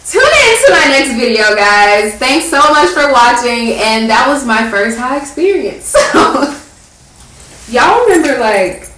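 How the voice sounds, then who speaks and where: A young woman vlogger tells a story in a bright, sharp voice, lively and full of slang and laughter. She sits back from the camera mic in a strongly echoing room, with faint noise behind her. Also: high-pitched, a little slow. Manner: animated, swearing, laughing slang-heavy storytelling. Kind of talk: casual storytime.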